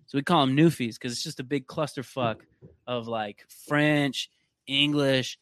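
A man's voice: mid-range voice, steady tone, a little slow, fairly bright tone, no room sound, clean studio sound. A young man from Canada, a podcast guest, telling stories in a loose, rambling casual chat with plenty of swearing.

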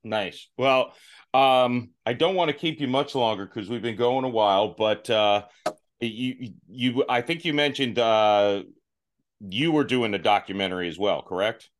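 A man's voice: mid-range voice, a little slow. A man hosting a podcast interview who chats casually and hesitantly, with many fillers. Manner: relaxed, hesitant with fillers, laughs along. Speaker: podcast host.

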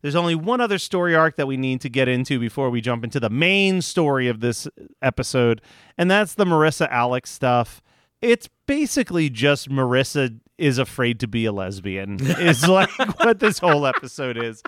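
A man's voice: medium pitch, very animated, normal speed, a bit bright, dry recording, studio quality. A man co-hosting a podcast, recapping a TV episode and telling rambling stories full of fillers. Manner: rambling storyteller with lots of fillers. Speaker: podcast co-host. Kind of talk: casual chat recapping a TV episode.

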